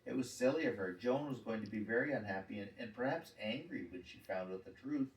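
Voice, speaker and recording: A man reading a children's chapter book aloud in a gentle, measured storytelling manner. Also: lowish voice, animated. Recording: roomy, distant mic.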